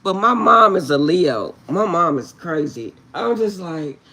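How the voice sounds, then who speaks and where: A middle-aged tarot reader tells her viewers a funny family story, laughing often and insisting "I'm serious" again and again. Her delivery is animated, her voice fairly low and her pace measured.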